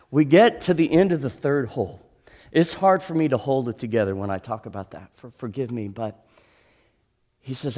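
A pastor preaching a sermon and telling a story in an animated way, swinging from loud to hushed. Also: male voice, mid-range voice, husky.

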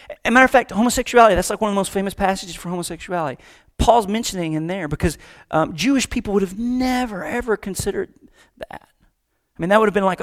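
A man preaching a casual, joking sermon, acting out quick voices as he talks. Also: high-pitched. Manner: conversational, joking, acts out voices. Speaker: pastor.

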